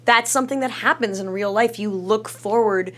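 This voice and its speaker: A woman in her thirties, an actress and show creator, talking as a guest in a studio interview, lively and quick to joke. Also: medium pitch. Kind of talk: casual interview chat.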